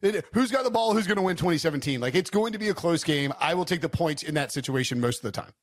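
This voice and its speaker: Rambling male co-host, fairly high voice. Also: animated, fast. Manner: rambling, with many restarts and "like". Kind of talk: casual sports betting chat.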